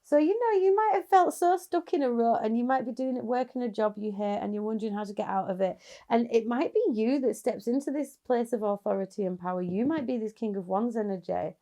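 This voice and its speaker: Woman doing a chatty tarot reading, gravelly low-key tone, kinda mellow. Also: a little fast, hardly any pauses. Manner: chatty, encouraging, laughs at the cards. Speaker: tarot reader. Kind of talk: casual tarot reading to camera.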